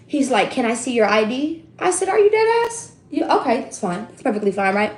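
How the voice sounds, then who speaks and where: A woman in her twenties telling a story casually to her viewers, animated and slangy, swinging between loud outbursts and hushed asides. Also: on the high side, fairly quick, reverberant. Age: 20s. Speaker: tarot reader and streamer.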